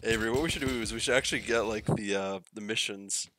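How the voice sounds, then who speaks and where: A man's voice: fairly low pitch, fast talker, pushed and bright, slight background noise. A man streaming a game, chatting casually with friends and laughing often. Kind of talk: casual gaming chat.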